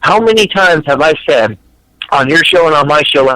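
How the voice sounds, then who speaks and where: A man hosting an online talk radio show in casual conversation. He speaks in an animated, rambling way with many fillers. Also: fairly high pitch, normal speed, dry recording, low-quality recording. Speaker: podcast host.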